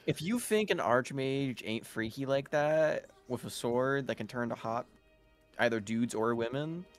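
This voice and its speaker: A man's voice: mid-range voice, animated, unhurried, faint music behind. A man running a tabletop game, chatting casually afterward, laughing often and swearing freely. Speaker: game master.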